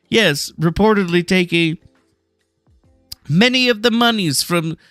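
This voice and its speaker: A livestream host at home reads news articles aloud and riffs on them sarcastically, swearing casually. His voice is high with a sharp tone, and there's no echo.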